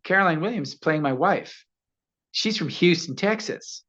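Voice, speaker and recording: Lively man in his sixties, lo-fi. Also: on the high side, normal speed. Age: 60s. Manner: animated, laughs often, acts out quoted voices. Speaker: actor guest. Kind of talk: casual interview storytelling. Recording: muffled lo-fi audio.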